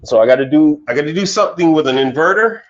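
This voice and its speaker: Talking quickly in a slightly high voice, a commercial appliance technician swaps stories casually on a livestream, animated, repeating words and laughing frequently. Faint music runs beneath audio that's slightly dull.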